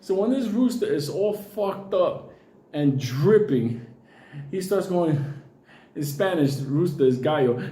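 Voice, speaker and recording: A man telling a profane, animated comic story, acting out the voices of the people in it. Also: sits high, a little slow, echoey room. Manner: animated, swears constantly, acts out voices.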